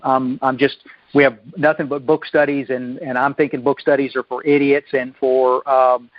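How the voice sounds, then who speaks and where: A man's voice: mid-range voice, no echo. A middle-aged man from Texas tells his recovery story in a rambling way, with many restarts and stammers. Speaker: speaker sharing a recovery story. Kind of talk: personal testimony talk. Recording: dull lo-fi dry recording.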